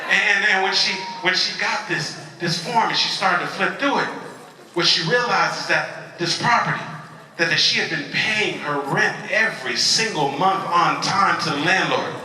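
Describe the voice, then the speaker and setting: A man's voice: sits high, moderate pace, pushed and bright. A man giving an emphatic motivational speech at a convention, leading the audience in call-and-response. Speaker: motivational speaker. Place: convention hall. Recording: echoey hall from far off.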